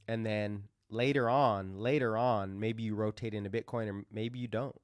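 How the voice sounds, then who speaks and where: A man's voice: lowish voice, steady tone, brisk, few pauses, no echo, studio quality. A man hosting a crypto livestream, talking casually and rambling through live chart commentary with lots of fillers and restarts.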